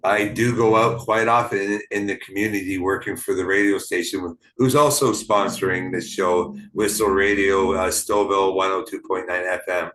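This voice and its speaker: A man from Canada hosting a podcast, talking in a casual, rambling way with many fillers and halting restarts. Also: deep voice, steady tone, a bit bright. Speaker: podcast host. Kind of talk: casual interview chat. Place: small town.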